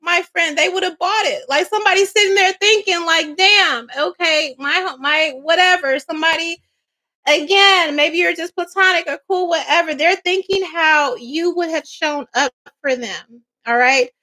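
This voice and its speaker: A woman's voice: very high voice, moderate pace, bright, forceful tone, rough recording. A woman doing a casual psychic tarot reading. She rambles in slang, swears now and then, laughs often, and keeps asking "okay?". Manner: chatty, rambling, slangy, frequent "okay?" check-ins. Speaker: psychic reader.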